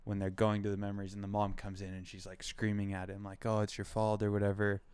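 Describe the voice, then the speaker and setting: A young man rambles through casual pop culture chat, peppering every thought with "like" and "um". His voice sits low and stays flat. The sound is smooth and dry, close to the mic. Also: fast, no echo. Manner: rambling, heavy use of "like" and "um". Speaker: podcast co-host.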